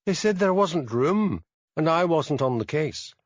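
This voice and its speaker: A man's voice: on the high side, animated, a little slow, dry recording, highs cut off, pitched above the performer's own voice. A man voicing a meek young policewoman. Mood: plaintive. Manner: meek, plaintive. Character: timid young woman police constable.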